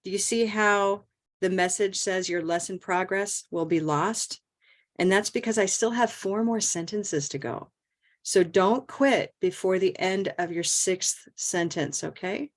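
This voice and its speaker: A woman teaching English pronunciation in an online group lesson, encouraging and stretching out stressed words slowly. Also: medium pitch.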